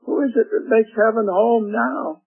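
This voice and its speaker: An older man preaching a gentle, emphatic sermon on the radio and asking his listeners questions. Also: very high-pitched, normal speed, gravelly, husky. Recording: tinny phone-like radio broadcast with faint music.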